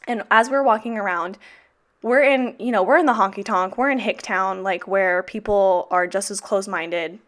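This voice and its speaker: A woman's voice: medium pitch, normal speed, a bit bright. Chatty, profane young woman. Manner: chatty, blunt and heavily profane. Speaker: teacher vlogger. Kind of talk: casual plan-with-me vlog chat.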